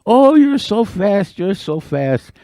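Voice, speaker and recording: A man putting on a tiny, cunning snapping turtle in a spoken folktale. The voice sits higher than his own and bounces around with sly, wheedling flattery. It is close and dry. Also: slow, dry recording, exaggerated voice. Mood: mock-flattering. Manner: sly, pleading, then boastful. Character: small clever male snapping turtle.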